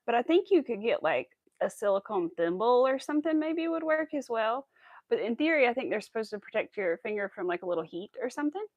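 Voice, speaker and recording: A woman hosting a casual crochet livestream, chatting to her viewers as she works and cooing at her cat in a high baby voice. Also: lively intonation, fairly quick, a little mellow, dry recording, lo-fi sound. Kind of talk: casual chat while crocheting.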